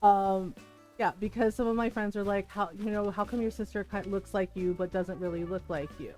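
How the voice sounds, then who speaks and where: A woman streamer chatting casually while playing a game, frank and quick to laugh, swearing freely and acting out the people in her stories. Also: mid-range voice, steady tone, a little mellow, soft background music. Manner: frank, swears freely, laughs often, retells dialogue animatedly. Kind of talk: casual chat while gaming.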